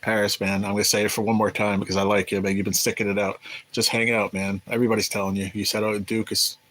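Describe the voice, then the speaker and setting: A man's voice: fairly low pitch, flat delivery, fast talker, a bit bright, rough recording. A man hosting a live stream, chatting casually with viewers, telling rambling, profane stories about his days as a restaurant cook. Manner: rambling, profane, reads chat aloud. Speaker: livestream host. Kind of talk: casual live chat storytelling.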